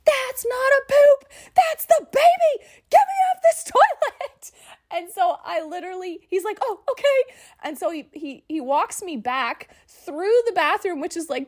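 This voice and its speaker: A woman tells a personal story on her podcast. Her voice sits at an ordinary middle pitch for a woman. She speaks in an animated way, laughs often, and says "y'all" to her listeners. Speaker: podcast host.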